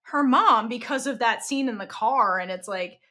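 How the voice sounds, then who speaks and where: A young woman co-hosting a podcast in casual chat, animated and full of fillers, acting out quoted lines as she talks. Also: on the high side, moderate pace. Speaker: podcast co-host.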